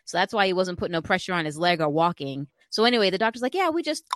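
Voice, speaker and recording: A woman telling an animated, chatty story in casual talk, full of fillers and acted-out quotes. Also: fairly low pitch, racing, no room sound.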